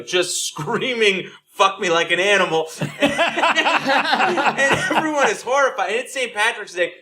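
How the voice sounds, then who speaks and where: High bright-voiced laughing man. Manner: laughing often, rambling with restarts. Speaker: podcast co-host, comedian. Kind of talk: casual storytelling chat.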